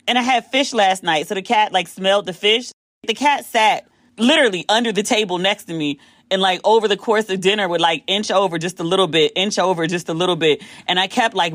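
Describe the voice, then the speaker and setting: A woman from the United States hosting a podcast, telling a story casually and acting out the quotes with big jumps in pitch. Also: fairly bright tone, no room sound, studio quality. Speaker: podcast host.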